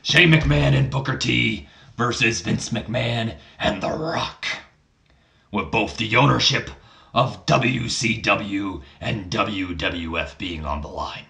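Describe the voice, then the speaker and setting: A man voicing a smug, scheming older male company boss, speaking slowly and deliberately in a low voice as he acts out dialogue in a wrestling game playthrough. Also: vocal fry, sharp tone, heavily acted.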